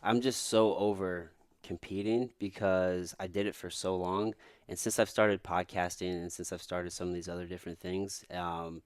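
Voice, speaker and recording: A relaxed male podcast host with a very deep, smooth voice keeps the chat easy and agreeable. He sounds close and dry. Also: normal speed, dry recording.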